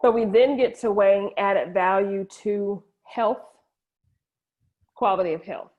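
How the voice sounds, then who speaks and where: A woman's voice: medium pitch, measured pace. A middle-aged woman, a guest in an interview, candidly sharing an emotional personal story with frequent restarts. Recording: dull lo-fi audio.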